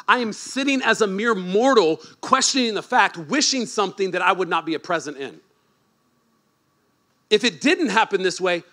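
A man preaching a sermon as pastor, animated and joking, moving from quiet asides to shouted emphasis. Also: high voice. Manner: joking, teasing the congregation.

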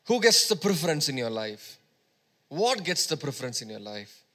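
A man delivers a sermon in a church, leading the congregation in call-and-response. His voice sits somewhat high and sounds bright and forceful. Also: big pitch swings, moderate pace. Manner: call-and-response, asks congregation to repeat words. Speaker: pastor. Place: church service.

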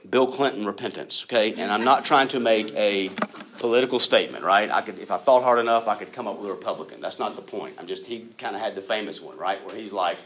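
A male preacher delivering a sermon in an easy, conversational tone, speaking right to his congregation. He often breaks into acted-out quotes, leaping high in pitch for them. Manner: animated, acts out quoted voices with big pitch jumps; conversational, addresses listeners as guys and y'all.

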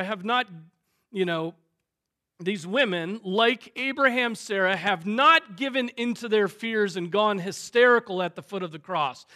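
High-voiced, bright preaching man. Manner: emphatic preaching with piled-up phrases and strong swings in loudness. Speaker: pastor. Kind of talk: sermon. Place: church sanctuary.

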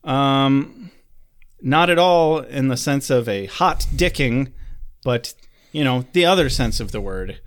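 A man's voice: medium pitch, animated, takes it slowly. A male podcast co-host recapping a TV episode in casual chat, sarcastic and swearing freely.

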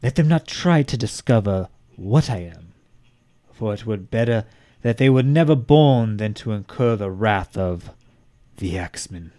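A man's voice: on the low side, mellow, no room sound, lightly acted. A man reading aloud the letter of a boastful demonic male axe murderer.

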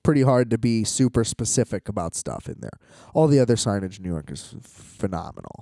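A man's voice: on the low side, expressive, fairly quick, creaky, warm tone, no echo, clean studio sound. A man ranting casually about travel hassles, exasperated and profane, laughing often as he talks.

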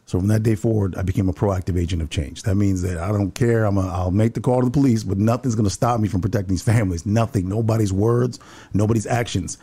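A man's voice: fairly low pitch, steady tone, dark tone, breathy edge. A man who works building security, earnestly telling a story in conversation, often repeating his first words. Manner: rapid, earnest, repeats words when starting sentences.

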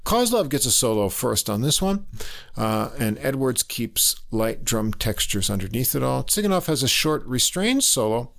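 Gravelly man reviewing a jazz album. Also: medium pitch, sing-song, fairly bright tone. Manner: halting, many "uh" fillers, frequent chuckles. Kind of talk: casual spoken album review.

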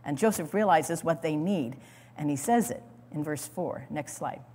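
A woman's voice: low voice, expressive, normal speed, warm tone, slightly rough. A woman teaching a sermon in dramatic storytelling style, repeating words as she goes. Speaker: Bible teacher. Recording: long hall reverb.

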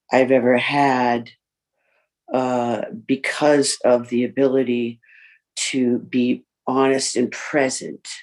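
A woman giving a candid personal share in a recovery group, reflective and pausing often with fillers. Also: extremely low pitch, a little mellow. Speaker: speaker sharing in a recovery group. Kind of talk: personal recovery share, reading list points.

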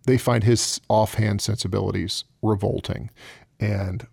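A man's voice: lowish voice, steady tone, a little slow, gravelly, darkish tone, husky, dry recording, clean studio sound. A man from the American South, a crime novelist answering radio interview questions in a rambling, chatty way with many fillers.

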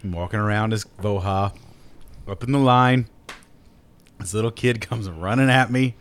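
A man's voice: on the low side, moderate pace, a little hiss or hum. A man chatting casually on a podcast, telling an anecdote with laughter and put-on voices. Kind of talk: casual chat, storytelling.

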